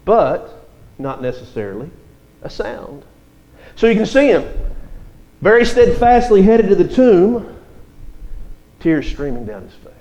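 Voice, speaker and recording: A man's voice: high voice, big pitch swings, unhurried, long pauses, dark tone, muffled recording. A man preaching an expository sermon, reading scripture verses aloud and explaining them.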